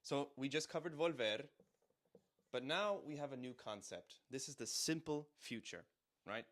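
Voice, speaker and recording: A man's voice: medium pitch, animated, moderate pace, fairly bright tone. Male language tutor, mid-range voice, patient and methodical, explains lyrics word by word. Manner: patient, repeats words and checks in with "right?". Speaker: language teacher. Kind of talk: explaining song lyrics line by line.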